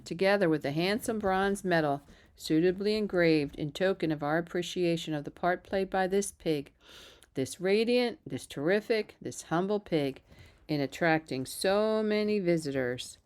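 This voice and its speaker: A woman reading a storybook aloud and voicing a pompous male fair announcer who makes long, formal speeches over a loudspeaker. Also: on the low side, lightly acted.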